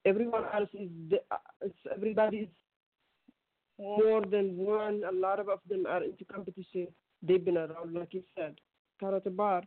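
Halting Ethiopian woman on the phone. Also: medium pitch, little pitch movement, no echo. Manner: halting, many restarts and fillers. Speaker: guest caller. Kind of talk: radio call-in interview. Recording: tinny phone line.

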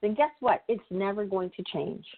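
A woman's voice: medium pitch, moderate pace. Emphatic woman on a tinny line. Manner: emphatic, repeats key phrases for stress. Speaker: guest, nonprofit consultant and facilitator. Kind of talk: conversational discussion.

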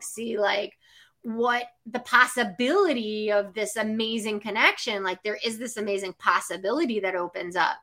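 A woman psychic medium chatting casually with a bright, slightly high voice. She talks in loose, filler-heavy runs and slips into the voices of the people she quotes. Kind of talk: casual chat.

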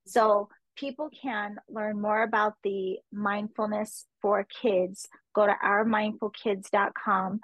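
A woman's voice: mid-range voice, fairly even intonation, slow pace, hardly any pauses, dry recording, highs cut off. Dry-sounding woman podcast host. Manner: affectionate, rambling questions. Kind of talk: conversational interview.

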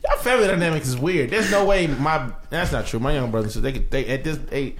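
A man, cohosting a comedy sports podcast and telling stories with animated acted-out quotes. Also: mid-range voice, a little fast. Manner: animated storyteller, acts out quotes. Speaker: podcast co-host. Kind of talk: casual comedic chat.

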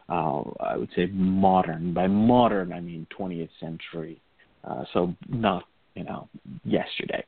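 Low-voiced man on a phone line. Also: vocal fry, dry recording. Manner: measured, explanatory, with fillers. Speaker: radio show co-host. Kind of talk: call-in radio discussion. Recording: tinny phone-line audio.

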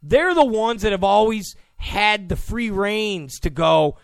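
Guy doing a slow mocking political rant, raspy gravelly voice, bouncy pitch. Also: expressive, no echo, clean studio sound. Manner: mocking, acts out quoted people in put-on voices. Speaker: political commentator. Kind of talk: opinion monologue.

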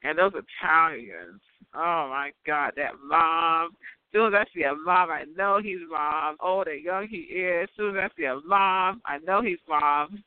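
A man rambling through a casual monologue, giggling often and breaking into high laughs. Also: a little slow, clean tone, dry recording. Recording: tinny phone-like sound.

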